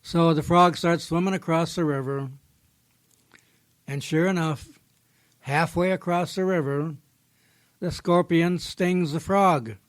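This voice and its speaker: A man hosts a podcast in a studio, with a voice a little higher than most men's. He talks plainly and folksily, easing into a fable the way he would tell it across a table. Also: steady tone, slow, pauses often. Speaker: podcast host. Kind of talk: casual podcast talk with storytelling.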